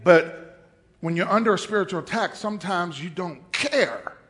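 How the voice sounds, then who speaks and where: A man's voice: sits high, animated, normal speed, fairly bright tone. A male pastor preaching, telling a story with lots of animation, acting out the voices and laughing often. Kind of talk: sermon.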